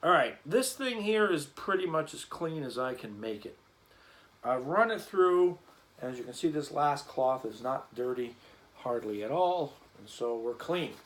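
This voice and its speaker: A man's voice: mid-range voice, lively intonation, a little slow, fairly bright tone, rough recording. A man vlogging casually as he cleans a gun, rambling and joking in an offhand way.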